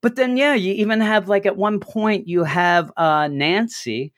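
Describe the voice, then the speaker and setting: A man co-hosting a podcast, chatting casually about comic books and slipping into quick character voices. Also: high-pitched, dry recording, clean studio sound. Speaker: podcast co-host. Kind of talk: casual comic book discussion.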